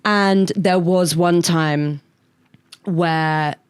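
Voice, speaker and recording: A woman's voice: lowish voice, fairly even intonation, extremely slow, smooth, no room sound. A young woman co-hosting a podcast, telling stories in a chatty way with lots of "like". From England. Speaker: podcast co-host. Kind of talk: casual chat.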